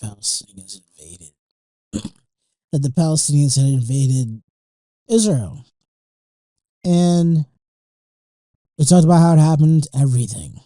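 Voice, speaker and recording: A man's voice: fairly high pitch, animated, measured pace, pauses often, mellow, no echo, rough recording. A young man hosting a podcast, talking in a rambling, emotional way with lots of fillers, restarts and swearing. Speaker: podcast host. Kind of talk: casual monologue.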